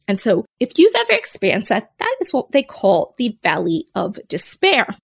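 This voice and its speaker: A woman's voice: medium pitch, very animated, normal speed, vocal fry, slightly rough. A woman hosting her own podcast, talking casually and laughing at herself. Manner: chatty and self-mocking, laughs at herself. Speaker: podcast host. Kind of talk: casual solo podcast talk.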